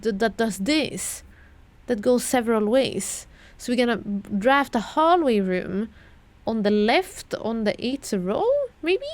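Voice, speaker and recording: A woman's voice: on the high side, dry recording. A young British woman streaming a puzzle game, muttering and thinking aloud as she repeats clues to herself.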